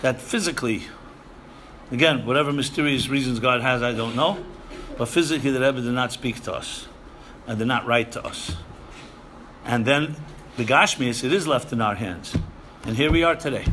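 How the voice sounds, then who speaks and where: Emphatic bright-voiced man lecturing. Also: medium pitch, normal speed, slight background noise. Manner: emphatic, repeats phrases, Yiddish and Hebrew terms. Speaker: rabbi lecturing seminary students. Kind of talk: sermon-style lecture.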